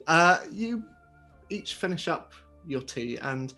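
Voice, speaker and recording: Relaxed man narrating as game master. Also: fairly high pitch, slow, long pauses, faint music behind.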